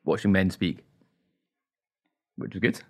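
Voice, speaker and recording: Dry, deadpan man with a low voice. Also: a little slow. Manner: dry, storytelling, deadpan jokes. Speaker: podcast co-host. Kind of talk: casual banter.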